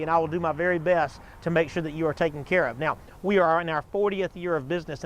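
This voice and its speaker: Middle-aged male store host, high voice, folksy and earnest, fumbles scripted reads. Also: slight background noise. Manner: chatty, earnest, stumbles over scripted ad lines. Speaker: store spokesman hosting a showcase show. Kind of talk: casual folksy pitch to viewers.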